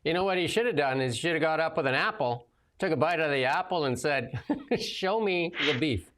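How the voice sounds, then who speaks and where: A man hosts a political talk show in a casual, rambling style, tossing in sarcastic asides and laughing often. He speaks quickly in a fairly bright voice that sits on the high side.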